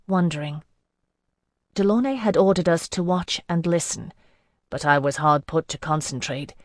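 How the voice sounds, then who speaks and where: A narrator reads a fantasy novel in the first person, measured and even. The pitch sits mid-range, and the close, dry recording has no room sound at all. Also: no echo. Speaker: audiobook narrator.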